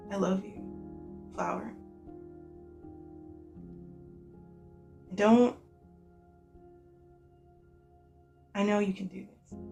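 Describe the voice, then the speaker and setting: A loving woman speaks softly and tenderly in a hushed voice, as a game master puts her on. She is gentle and quiet in a tabletop game. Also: medium pitch, vocal fry, echoey room, far from the mic.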